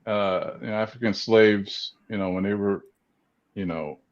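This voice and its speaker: A man's voice: fairly low pitch, unhurried, highs cut off. A man co-hosting a casual sports show, laid-back and full of slang, often restarting his sentences. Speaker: podcast co-host.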